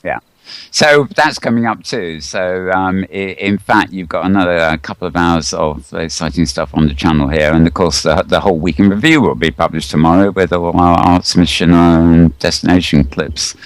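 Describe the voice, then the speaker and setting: A man's voice: deep voice, moderate pace, smooth, no room sound. A man hosting a casual live talk show, rambling and hesitant with frequent ums and restarts. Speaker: host.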